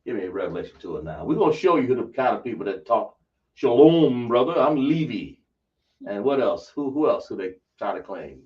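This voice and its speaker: This man's fairly low voice swings widely in pitch as he talks fast with few pauses. Teaching a religious class, he is emphatic and quizzes listeners through rhetorical questions, heard on a dull, distant lo-fi recording.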